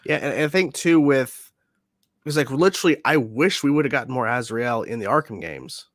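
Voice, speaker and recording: Excitable guy with a lively voice. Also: mid-range voice, brisk, no echo. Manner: excitable, laughs and swears often, repeats himself. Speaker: co-host. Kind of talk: casual pop-culture chat.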